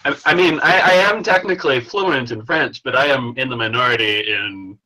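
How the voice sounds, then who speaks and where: A man's voice: medium pitch, normal speed, sharp tone, low-quality recording. A tired Canadian man from British Columbia, chatting casually on a video call, rambling and laughing as he talks. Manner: rambling, self-interrupting, laughs often.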